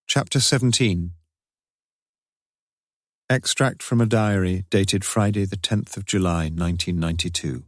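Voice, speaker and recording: Male audiobook narrator, lowish voice, measured delivery, dry booth sound. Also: no echo.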